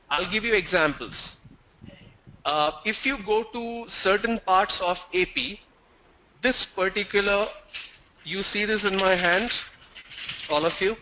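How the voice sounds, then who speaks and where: A man with an Indian English accent lectures to a class in a high-pitched voice. His tone is bright and clear, and he explains carefully, repeating points and asking his students questions. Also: low-quality recording. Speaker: teacher.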